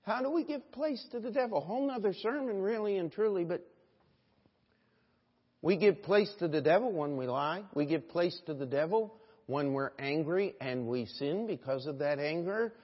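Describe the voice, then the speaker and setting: A male pastor with a high, husky voice preaches to his congregation, dropping to quiet reflection and then building to loud, emphatic exhortation while often asking them for an "Amen?". The long reverb of the church trails behind every phrase, and the recording sounds somewhat dull. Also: expressive, moderate pace. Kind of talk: sermon. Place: church sanctuary.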